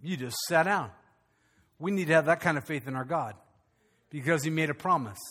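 A man's voice: on the high side, normal speed, a bit bright. An older man preaching a sermon as pastor, folksy and storytelling, rising to fervent, rhythmic preaching.

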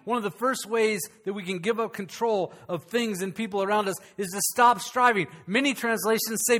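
A man, a pastor, preaching to his congregation in a conversational way, with humor and dramatic pauses. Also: high voice, fairly bright tone. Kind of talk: sermon. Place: church sanctuary before a congregation.

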